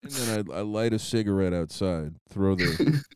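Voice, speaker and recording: A man's voice: fairly low pitch, animated, normal speed, noisy background. A young man co-hosting a casual comedy podcast, crude and laughing often, slipping into funny voices for quoted people. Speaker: podcast co-host.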